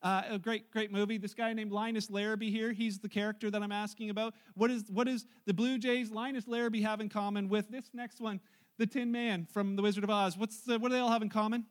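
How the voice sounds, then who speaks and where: A man's voice: sits high, little pitch movement, fast talker. A male pastor delivering a sermon at a church service, telling the story in a chatty, joking way.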